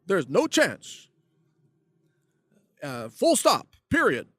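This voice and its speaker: A man putting on a Texas accent to play a male politician who flatly denies everything in a slow, emphatic drawl. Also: high-pitched, no echo, heavily acted. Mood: dismissive.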